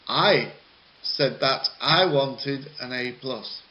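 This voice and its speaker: A man's voice: medium pitch, drawn-out words, bright, forceful tone. A man playing an insistent student. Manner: insistent, repetitive. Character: insistent student asking for a grade. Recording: slightly muffled with faint hiss.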